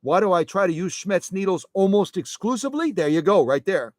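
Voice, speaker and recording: A man's voice: sits high, sing-song, fairly quick, no room sound, clean studio sound, voice pushed up. A man voicing a cheerful New Yorker sewing fan in a put-on Brooklyn accent, playful and emphatic. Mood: enthusiastic. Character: upbeat male New Yorker sewing enthusiast.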